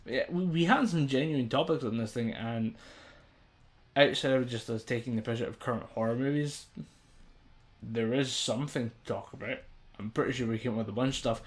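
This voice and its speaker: A man's voice: mid-range voice, a little fast. A young man co-hosting a podcast in casual, sweary, joking chat. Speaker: podcast co-host.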